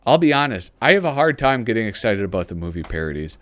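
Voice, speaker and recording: A man's voice: lowish voice, very animated, fast talker, a bit bright, no room sound. A man hosting a show, giving casual, rambling commentary as he pages through a magazine and reads bits aloud, often poking fun at himself. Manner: rambling and self-deprecating, reads lines aloud. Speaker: host.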